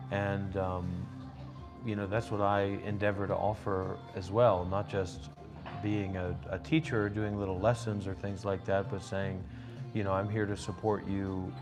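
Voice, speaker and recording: Low-voiced rambling meditation teacher. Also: male voice. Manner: rambling and insistent, many "you know" fillers. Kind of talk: casual spiritual conversation. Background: background music.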